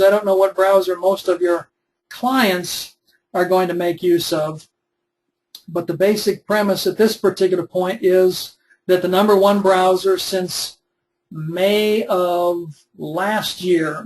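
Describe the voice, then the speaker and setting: Webinar instructor: young man, high voice, casual step-by-step explaining. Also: low-quality recording. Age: 20s. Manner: conversational, explains step by step with fillers. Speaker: web development instructor. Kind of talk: recorded webinar demonstration.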